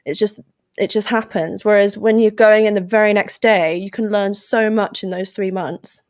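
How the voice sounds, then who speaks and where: A young woman from England with an English accent, chatting lively and playfully as a podcast guest. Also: mid-range voice, normal speed, dry recording, studio quality. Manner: lively, playful, puts on silly voices. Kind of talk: casual interview chat.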